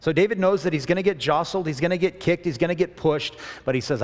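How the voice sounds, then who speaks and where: A man preaching a sermon in a relaxed, conversational way, mixing scripture with self-deprecating stories. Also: a little high, fast talker, few pauses, long reverb tail. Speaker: pastor.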